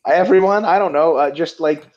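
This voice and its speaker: A man co-hosting a casual webinar, joking and swearing as he tells animated stories. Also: fairly high pitch, normal speed. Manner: profane, joking, animated storytelling. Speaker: webinar co-host. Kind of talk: casual chat. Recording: dull lo-fi audio.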